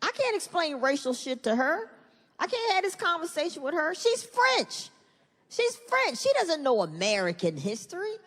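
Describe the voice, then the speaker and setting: Speaking a little fast, a woman does a stand-up comedy routine on a live stage in front of an audience. Animated and profane, she acts out other people's voices, her high pitch swinging widely. There's a long hall echo, plus faint crowd sounds and faint noise behind her.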